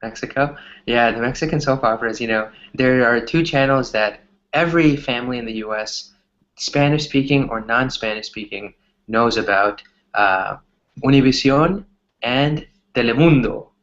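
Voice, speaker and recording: A man tutoring English in a relaxed, chatty conversation, explaining with lots of examples. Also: medium pitch, normal speed, dull audio. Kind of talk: casual conversation lesson.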